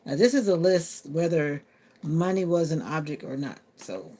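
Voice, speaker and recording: A woman with a deep, dark-toned voice chats casually on a live stream at normal speed, reading out and answering viewer comments. She also talks to her phone's assistant.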